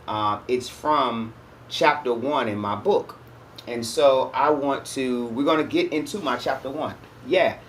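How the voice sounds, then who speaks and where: A man's voice: mid-range voice, slight background noise. A man hosting his own channel, giving a casual religious teaching monologue in a conversational way and often checking in with his listeners. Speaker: host.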